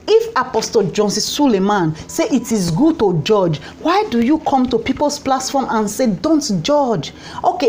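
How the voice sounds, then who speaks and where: A woman with a Nigerian Pidgin accent delivers a heated opinion commentary. Her voice sits on the higher side, and she keeps pleading and circling back to the same points. Faint background noise runs under the recording. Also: a little mellow. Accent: Nigerian Pidgin English.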